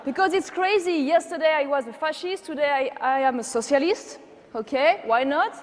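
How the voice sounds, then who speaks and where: French-accented woman, high voice, emphatic speech in a big reverberant hall. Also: moderate pace. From France. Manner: impassioned, emphatic oratory. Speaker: conference speaker. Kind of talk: political speech. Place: large conference hall.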